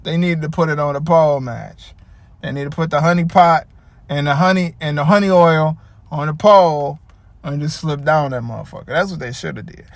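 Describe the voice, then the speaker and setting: A man's voice: on the high side, brisk, creaky, no echo. A man from the Detroit area giving a casual, profane, rambling rant about a wrestling show. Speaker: wrestling commentator.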